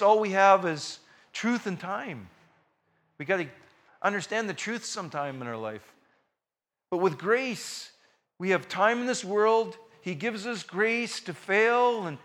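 Bright, forceful preacher man. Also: high voice, lively intonation, measured pace. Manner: storytelling with joking asides, swings between loud and soft. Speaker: pastor. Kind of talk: sermon.

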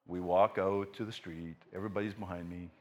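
A middle-aged man preaches a story-driven sermon in a low-sitting voice, moving a little fast. He keeps it casual with many fillers and is animated as he acts out his family's voices.

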